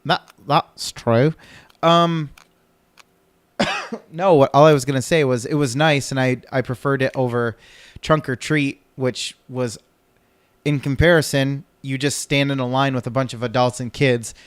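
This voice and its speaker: Guy in his 30s on a podcast call, smooth voice, dry sound, kinda rambly, swears when stuff breaks. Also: medium pitch, steady tone, a little slow, dry recording. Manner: rambling, self-interrupting, swears when flustered. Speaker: podcast co-host. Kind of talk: casual podcast chat.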